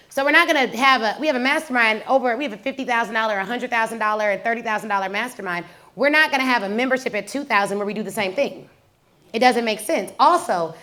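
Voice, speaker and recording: A woman hosting a podcast as a business coach, teaching in a casual, animated way with rhetorical questions, slangy asides and stories. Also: on the high side. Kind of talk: casual teaching talk with storytelling.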